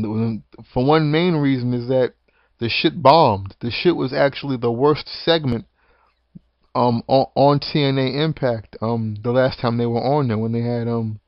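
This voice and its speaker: A man's voice: medium pitch, no room sound. Profane, rambling man ranting on lo-fi audio. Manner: rambling, frequent swearing and restarts. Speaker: wrestling commentary vlogger. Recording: dull lo-fi dry recording.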